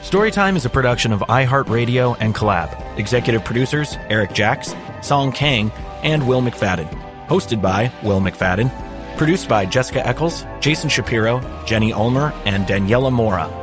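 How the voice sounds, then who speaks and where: A male podcast host reads his scripted bits in a playful, comically flustered manner. His voice sits at an ordinary middle pitch. Background music plays clearly beneath him. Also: lively intonation, normal speed. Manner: mock-panicked, joking delivery. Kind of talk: scripted comedic narration. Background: music bed.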